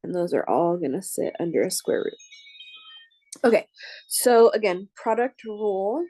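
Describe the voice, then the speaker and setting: A math professor with a mid-range, dark-toned voice works through algebra on a board, thinking aloud as she writes each step. She speaks animatedly but unhurriedly and pauses now and then to check in with her students. There's no room sound.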